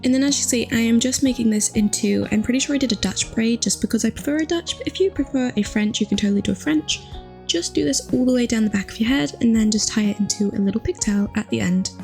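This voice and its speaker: A young woman chatting casually through a hair tutorial, upbeat and full of fillers, her voice still rough from just waking up. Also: fairly high pitch, fast, darkish tone, soft background music. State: morning voice, just woken.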